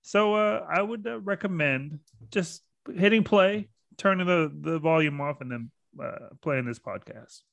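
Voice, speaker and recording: Brief: easygoing male podcast co-host, halting delivery, dry close mic. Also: fairly high pitch, vocal fry, a bit bright, dry recording. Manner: laid-back, hesitant with fillers. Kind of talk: casual movie-review chat.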